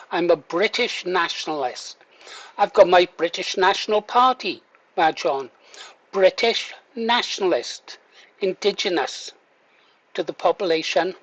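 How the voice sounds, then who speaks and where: A man's voice: sits high, no echo, muffled recording. A man giving casual to-camera commentary, wry and mock-reluctant, then firmly emphatic. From Wales. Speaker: political video commentator.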